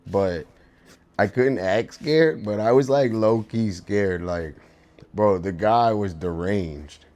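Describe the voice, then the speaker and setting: A man's voice: fairly low pitch, takes it slowly, darkish tone. A young man chatting casually while he draws, telling a rambling story full of fillers and swearing. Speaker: streamer and artist. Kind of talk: casual chat while drawing. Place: home room.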